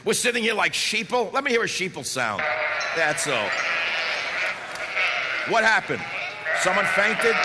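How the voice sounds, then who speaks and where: Brief: sarcastic male talk host, very lively pitch, hollering to a crowd in a big reverberant hall. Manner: impassioned, sarcastic, shouting at times. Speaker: talk radio host speaking to a live audience. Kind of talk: fiery political speech. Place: large hall before a live audience. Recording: echoey hall with faint background noise.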